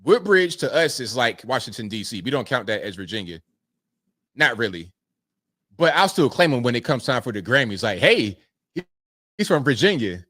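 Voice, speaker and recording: A man's voice: medium pitch, sing-song, fairly quick, a bit bright, no echo, clean studio sound. A man hosting a casual livestream, thanking viewers one by one and answering their comments in a laid-back way. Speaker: livestream host reading super chats.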